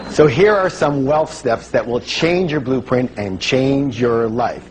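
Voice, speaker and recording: Energetic man doing a motivational stage talk, call and response with the audience, bit of faint noise behind. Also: medium pitch, normal speed, few pauses, poor audio. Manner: energetic, prompts the audience to answer, playful jokes. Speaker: motivational seminar speaker. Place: stage before a live audience.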